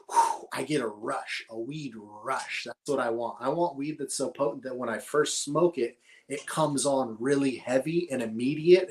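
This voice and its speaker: A middle-aged man, telling stories in a laid-back, rambling, profane way as a podcast guest. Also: medium pitch. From Northern California. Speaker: podcast guest, cannabis grower. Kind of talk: casual conversational storytelling.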